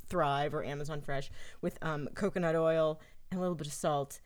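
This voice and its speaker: A woman's voice: sits low, fairly even intonation, normal speed. A woman hosting a podcast in casual chat, riffing on stories and laughing often. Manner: laughs often, riffs and imagines scenes. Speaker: podcast host.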